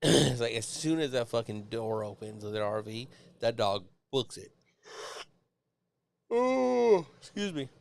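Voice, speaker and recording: A man's voice: medium pitch, moderate pace, gravelly, few pauses, a little hiss or hum. A man, telling a rambling, profane story on his live show and mimicking neighbors in raised voices.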